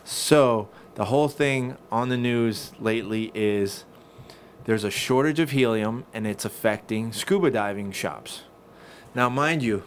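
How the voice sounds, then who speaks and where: A man co-hosting a podcast, telling stories in casual chat, animated and swearing freely. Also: medium pitch, slight background noise. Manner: profane, animated storyteller. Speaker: podcast co-host.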